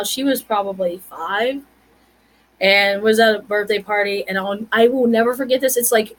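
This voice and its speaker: A woman in her forties hosts her own vlog and talks through stories in a chatty, animated way. Her voice sits a little high for a woman, and she keeps slipping in playful asides. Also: low-quality recording. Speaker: vlog host. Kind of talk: casual comedic monologue.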